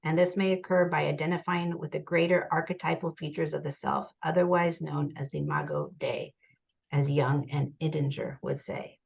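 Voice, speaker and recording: Woman, low voice, gravelly fry, measured academic presenter, dull lo-fi call audio. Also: expressive. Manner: measured, reads quotations aloud. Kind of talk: academic presentation reading interview quotes. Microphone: video call.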